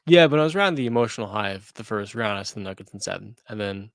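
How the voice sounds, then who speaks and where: Gravelly guy talking fast on a sports panel, defends his team, dry sound. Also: fairly low pitch, expressive, no echo. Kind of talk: casual sports debate.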